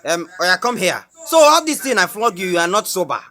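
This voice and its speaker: An actor playing an angry, strict schoolteacher who yells orders at noisy pupils in a comedy skit, on a noisy played-back clip. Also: mid-range voice, very animated, brisk, crowd noise, lightly acted. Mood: scolding. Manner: yelling, barking orders.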